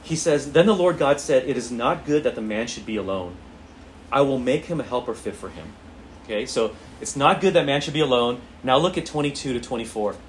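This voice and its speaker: A man's voice: medium pitch, lively intonation, brisk, a little hiss or hum. A man teaching a church Bible class in a conversational way, repeating phrases and often checking in with "okay?".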